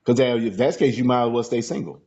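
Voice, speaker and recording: A man's voice: mid-range voice, quick pace, highs cut off, a crowd in the background. A man co-hosting a podcast, reacting with laughs and crude jokes during banter. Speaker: podcast co-host.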